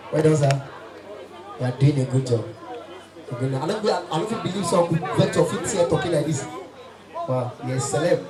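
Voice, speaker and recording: A Nigerian man performing as comedian and host at a party, teasing the guests in pidgin. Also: on the high side. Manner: teasing, mixes pidgin and Yoruba. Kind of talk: stand-up comedy banter. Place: outdoor party venue. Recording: echoey, distant, party music and crowd.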